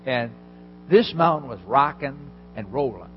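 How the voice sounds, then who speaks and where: A man's voice: mid-range voice, animated, unhurried, dull audio, faint music behind. A male pastor preaching a sermon, retelling a story vividly and speaking straight to his listeners.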